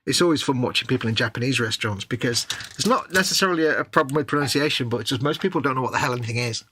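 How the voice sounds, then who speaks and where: An Englishman co-hosting a relaxed workshop chat, with a bright, forceful edge to his voice. He explains things at length, chuckling as he goes. A little background noise sits under the voice. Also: medium pitch, rapid-fire. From England. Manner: chatty, explains at length with laughs. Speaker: co-host. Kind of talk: casual chat while model building.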